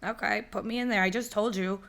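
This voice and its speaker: A young woman from the northern United States co-hosts a casual podcast. She swears freely and keeps up a stream of self-mocking jokes. Her voice is bright and forceful. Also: mid-range voice, steady tone, fast. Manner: profane, self-mocking joking. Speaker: podcast co-host. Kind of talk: casual chat.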